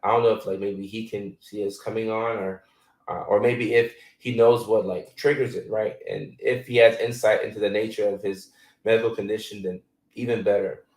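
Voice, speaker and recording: Low-voiced man chatting casually, roomy sound. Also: level tone, normal speed, a little mellow, recorded from a distance. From Ghana. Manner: loose and conversational, many fillers. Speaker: host answering viewer questions. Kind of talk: casual livestream chat.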